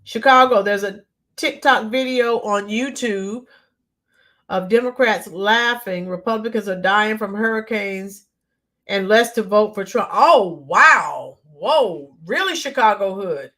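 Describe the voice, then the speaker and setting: A woman hosting a casual livestream, greeting viewers by name and talking with frequent ums and pauses. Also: medium pitch, fairly bright tone. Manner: talks to viewers by name, halting with many ums. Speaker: livestream host reading chat.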